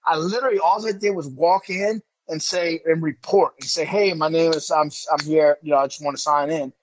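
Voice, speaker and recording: A man's voice: a little high, fairly quick. A man in his forties, a former pro wrestler, casually telling a story as a guest, swearing and saying "bro" a lot. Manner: profane, rambling, says "bro" a lot. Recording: dull lo-fi audio.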